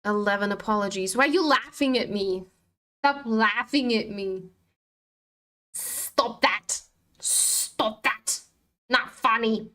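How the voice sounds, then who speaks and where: Her voice is a little high, a bit bright and unhurried as she runs a trading livestream. The host swears freely and speaks openly about her tiredness while chatting with viewers.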